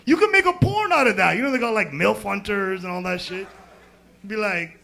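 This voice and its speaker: Young American stand-up comic, crude and rambling, loud bursts then mutters; high, gravelly voice. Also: male voice, lively intonation, brisk. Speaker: stand-up comedian. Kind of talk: stand-up set at an open mic.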